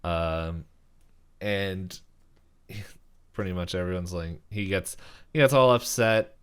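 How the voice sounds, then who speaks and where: A young man co-hosting a podcast with a smooth, slightly low voice. He rambles through an episode recap in an easy, chatty way, laughing as he goes. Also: slow pace. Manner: rambling, many fillers, laughs while talking. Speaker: podcast co-host. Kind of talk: casual episode recap chat.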